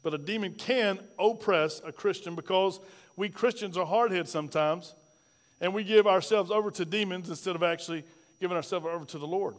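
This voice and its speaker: Male pastor, fairly high voice, preaching in a church with a long hall echo. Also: fairly quick. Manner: preaching with rhetorical questions and a personal story. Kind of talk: sermon.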